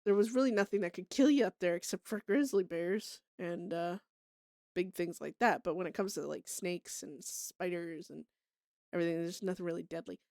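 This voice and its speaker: A woman's voice: lowish voice, moderate pace, darkish tone, no echo, studio quality. A young woman from Canada chatting casually with her stream viewers, laughing often and swearing freely.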